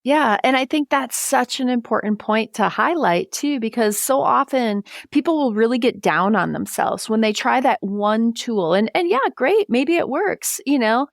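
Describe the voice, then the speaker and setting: A woman, a psychologist talking as a podcast guest, who explains calmly and reflectively with everyday examples. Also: a little high, normal speed, vocal fry, few pauses, dry recording, studio quality. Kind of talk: conversational podcast discussion.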